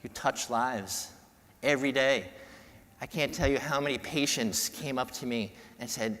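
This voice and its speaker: A man giving an emotional conference talk, heartfelt and halting, often repeating words and restarting. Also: medium pitch, a bit bright, a little hiss or hum. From New York. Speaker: podiatrist giving a keynote talk. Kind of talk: emotional speech to a conference audience. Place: large conference hall. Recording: long hall reverb.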